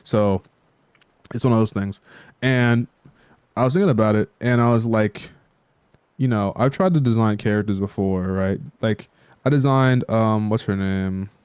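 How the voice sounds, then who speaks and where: A man with a fairly low, smooth voice rambles through a casual chat and leans on fillers. He swears offhandedly. The sound is dry and close. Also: moderate pace, long pauses, darkish tone, no echo. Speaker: channel host.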